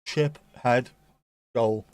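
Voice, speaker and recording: Casual British male host: cheeky live match chat, mid-pitched, dry close sound. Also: very slow, dry recording. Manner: joking, bursts into excitement at goals. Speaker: watchalong host.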